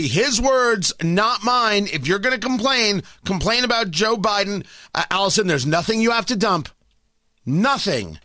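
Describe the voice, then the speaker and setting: A man's voice: sits high, bright, forceful tone, no echo, studio quality. A man hosting a political commentary show, sarcastic and emphatic, needling his target. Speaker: commentary host.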